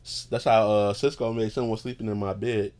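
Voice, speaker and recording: Low-voiced man rambling casually from bed. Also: flat delivery, a little fast, a little mellow. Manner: loose, profane, meandering, loses his train of thought. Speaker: podcast host. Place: in bed at home.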